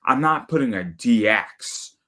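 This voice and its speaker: A man hosting a podcast in casual chat, talking bluntly with swearing and animated storytelling. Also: mid-range voice, a little slow. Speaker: podcast host.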